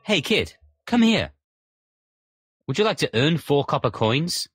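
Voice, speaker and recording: A brash young soldier in a storybook cartoon, lively with a bouncing pitch. Music runs under him. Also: male voice, a little slow, husky, heavily acted. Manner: lively, cheeky. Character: bold young soldier, cheeky.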